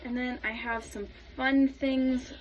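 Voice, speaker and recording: A woman's voice: high-pitched, little pitch movement, slow, slight background noise, rough recording. A young adult woman soap maker chatting casually through a tutorial, rambling into asides while she works.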